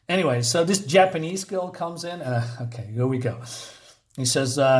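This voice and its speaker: In a rambling, ranting review of a comic book, a man sounds exasperated and sarcastic, full of fillers and restarts. He has a mid-range voice and a moderate pace.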